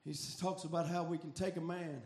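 A man preaching a fiery revival sermon, shouting in a chanting cadence. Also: fairly high pitch, fairly even intonation, brisk.

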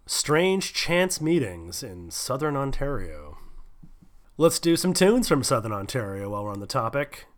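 A man's voice: mid-range voice, a bit bright. A man hosting a radio show, telling a story in a rambling, laid-back way. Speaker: radio host. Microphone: studio radio mic.

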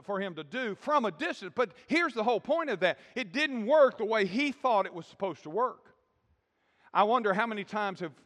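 A man's voice: high voice, a bit bright. A man preaching a sermon and asking the congregation questions as he talks. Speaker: pastor. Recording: long hall reverb.

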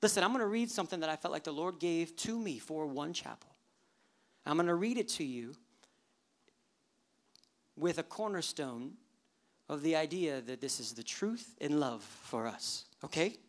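A man's voice: fairly high pitch, animated, moderate pace, long pauses. A man in his thirties preaching a sermon as a pastor, telling stories with humor and acting out the inner thoughts of people in worship. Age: 30s.

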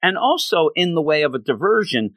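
Chatty male recapper, lively and bright, dry room. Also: on the high side, fairly quick, no echo. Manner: animated, chatty, gushing. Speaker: manga reviewer. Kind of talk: casual story recap.

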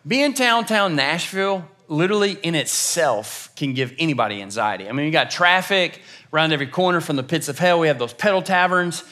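Young male pastor; high, bright, casual sermon storytelling that swings from hushed to loud. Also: lively intonation, fairly quick, few pauses. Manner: conversational, self-deprecating storytelling with playful asides. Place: church.

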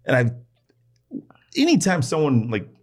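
A man's voice: mid-range voice, slow. A man, a restaurant owner guest, telling stories in casual podcast chat and acting out other people's lines. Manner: animated storyteller, acts out quotes.

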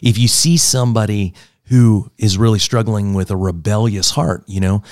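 A man, a pastor, telling stories earnestly in a church conversation and building to loud emphasis. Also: on the low side, fairly even intonation, normal speed, no room sound, clean studio sound.

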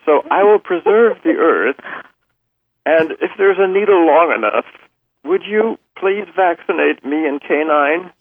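A man's voice: a little high, animated, unhurried, no echo, voice pushed up. A man voicing a scheming little male Martian who speaks in a prim, polite way about destroying planets. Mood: politely scheming. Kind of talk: cartoon character voice. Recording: tinny phone-like line.

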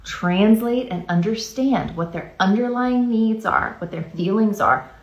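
A woman's voice: mid-range voice, unhurried, echoey room, highs cut off. A woman hosting a casual parenting podcast, speaking earnestly and reading out listener messages.

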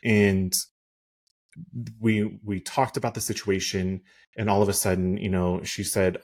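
A man's voice: low voice, flat delivery, unhurried, a little mellow. A man who works as a realtor, telling a story on a podcast in a rambling, heated way with many "like" and "um" fillers. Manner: heated, indignant.

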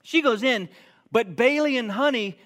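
A man preaching a sermon, telling a homey story in an animated, self-mocking way and slowing down to stress his points. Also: very high-pitched, in a large hall. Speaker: pastor.

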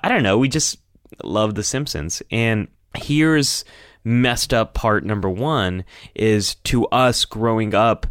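Smooth, low-voiced man recounting candidly. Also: dry recording, clean studio sound. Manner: candid and reflective, laughing wryly at himself. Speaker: podcast host. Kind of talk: casual podcast discussion.

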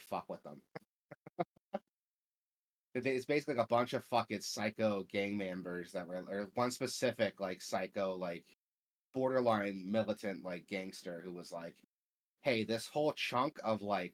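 A young man hosting a casual gaming podcast, rambling with lots of fillers and swearing. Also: fairly low pitch. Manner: rambling, profane, filler-heavy. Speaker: podcast host.

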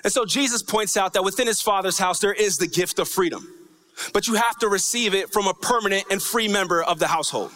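A pastor preaches a sermon in a conversational way, dropping in frequent "right?" asides and slipping into a lilting, sing-song cadence on key lines. His voice sits high, fairly quick and sharp in tone, with the long reverb of a large hall.

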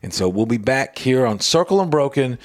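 Animated man hosting radio talk. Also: mid-range voice, brisk. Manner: animated storytelling, acts out quotes in a raised voice. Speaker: radio show host.

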